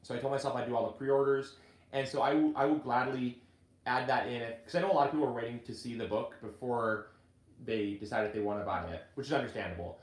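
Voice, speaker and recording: Man, casual gardening host, talks in stops and restarts, middling pitch, roomy echo. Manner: chatty, halting restarts, gets choked up reading. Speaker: gardening channel host and author. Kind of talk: casual live video chat.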